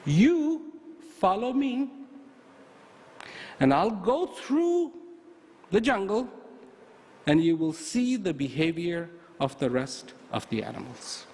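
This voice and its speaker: A man voicing a small male bunny who is frightened but clever, talking in hushed, urgent tones as he bluffs. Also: high-pitched, very animated, slow, pauses often, long reverb tail, slight background noise, heavily acted. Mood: bluffing.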